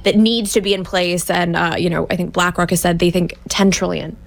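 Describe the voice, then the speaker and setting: A woman's voice: on the low side, steady tone, vocal fry. Earnest female columnist on talk radio. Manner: earnest, agreeable, slightly halting. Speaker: newspaper columnist, radio guest.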